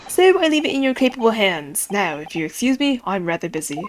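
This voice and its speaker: A woman's voice: medium pitch, very animated, brisk, a little hiss or hum, close to an everyday voice. A woman reading the lines of an eccentric, pompous male Victorian detective in an airy, theatrical manner.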